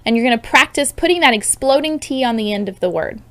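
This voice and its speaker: Woman, 30s, fairly high voice, upbeat instructional tone, demonstrates sounds. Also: animated, fast talker, a bit bright. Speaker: speech therapist teaching parents. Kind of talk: instructional video.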